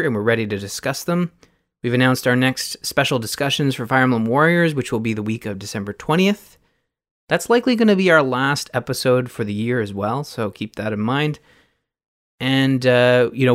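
A podcast host recaps a video game in a loose, rambling style, full of fillers and restarts. His voice is mid-range, and the studio-quality recording has no echo.

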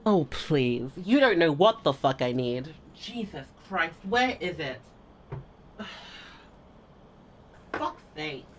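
A woman with a low voice and big pitch swings takes it slowly as she performs a one-sided audio role-play. She swears freely, often drops to a whisper, and stammers through restarts when she gets flustered.

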